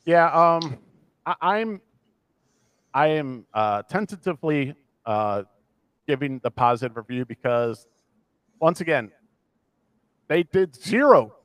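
Animated Midwestern man ranting on a podcast. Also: fairly high pitch, takes it slowly, pauses often, no echo. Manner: animated, ranting, self-deprecating. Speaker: podcast co-host. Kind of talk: casual chat.

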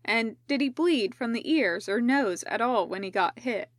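A brisk, caring female medic, read by a woman asks clinical questions with patience. Her voice sits fairly high and the sound is close and dry. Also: lively intonation, no echo.

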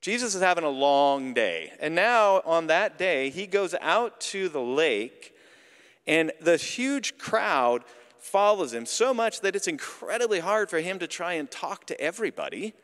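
A man preaching a sermon as pastor, telling a story in an animated, conversational way. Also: high-pitched, measured pace, clear, resonant tone. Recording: long hall reverb.

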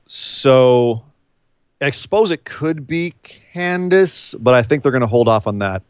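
A man co-hosting a podcast in casual chat, animated, with incredulous outbursts and quick asides. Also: mid-range voice, clean tone, dry recording. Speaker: podcast co-host. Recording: dull, lo-fi dry sound.

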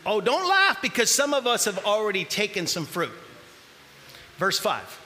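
A man preaching a sermon, acting out the voices in the scripture he reads and rising to shouts at the high points. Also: a little slow, big-room sound, slight background noise. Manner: animated, acts out voices in the scripture, shouts at peaks.

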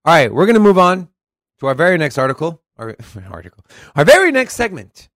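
A man's voice: a little high, wildly swooping pitch, fairly quick, fairly bright tone, dry recording, clean studio sound. A man from Texas with a Southern accent, co-hosting a casual crypto podcast, reading articles aloud and swearing casually. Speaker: podcast co-host.

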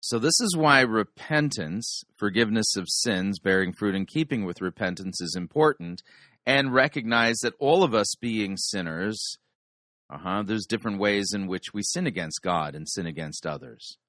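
A man cuts into a sermon recording with blunt doctrinal commentary. His voice is bright and forceful, recorded dry and close with no room sound. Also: lowish voice, expressive, moderate pace, no echo. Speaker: sermon reviewer.

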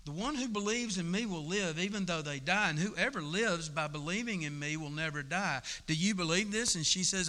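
A man's voice: high voice, expressive, normal speed, bright, forceful tone, long reverb tail. A man preaching a sermon in a folksy, conversational way, with casual asides to the congregation. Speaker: pastor. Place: church sanctuary.

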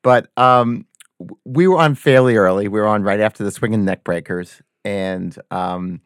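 A man in a band telling a lively anecdote in casual chat, acting out the quoted voices and laughing often. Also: fairly low pitch, moderate pace, clean tone, no room sound, clean studio sound. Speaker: band member guest.

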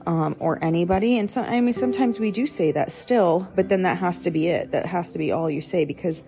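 A woman's voice: lowish voice, brisk, few pauses, mellow, soft background music. A young adult woman hosting a podcast, talking through faith and parenting in a loose, rambling way that often corrects itself. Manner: rambling, self-correcting, conversational. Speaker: podcast host. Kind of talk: casual devotional talk.

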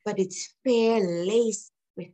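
A woman's voice: medium pitch, slow pace, warm tone, poor audio. Middle-aged woman guest, earnest, reflective storytelling, breaks into light laughs. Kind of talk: personal storytelling in an interview.

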